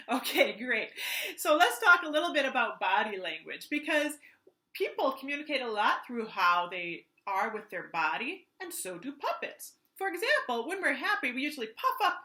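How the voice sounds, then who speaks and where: A woman teaching artist leads a children's art lesson, enthusiastic and gently instructive. Her voice is bright and animated and pitched a little high. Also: moderate pace.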